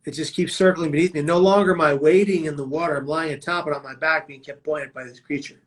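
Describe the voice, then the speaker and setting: A man's voice: a little high, fairly even intonation, fast. A man telling his own life story as a prevention speaker, in a vivid, dramatic way with emphatic quoted lines. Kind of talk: personal storytelling talk.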